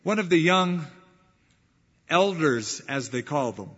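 A man delivers a sermon from the pulpit, earnest and emphatic. His voice sits a little high for a man. It comes through a muffled old church recording, with long reverb trailing off the walls of the sanctuary. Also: expressive, takes it slowly, fairly bright tone, husky. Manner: earnest preaching with emphatic rises. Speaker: pastor.

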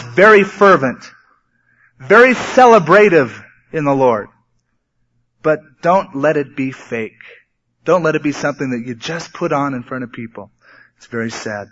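Male pastor preaching, fairly high voice, chatty and sometimes animated delivery, muffled lo-fi recording. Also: moderate pace. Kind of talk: sermon. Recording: dull lo-fi sermon recording.

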